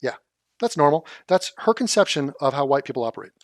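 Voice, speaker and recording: A man's voice: a little high, big pitch swings, fast, dry recording, clean studio sound. A man streaming live, mocking a video he reacts to with sarcastic, profane commentary.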